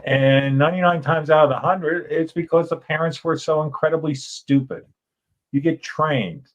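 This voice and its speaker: Animated storytelling man, fairly high voice. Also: normal speed, dull audio. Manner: animated yarn-spinner, acts out Southern voices with shouts. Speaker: author and guest. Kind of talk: storytelling in a podcast interview.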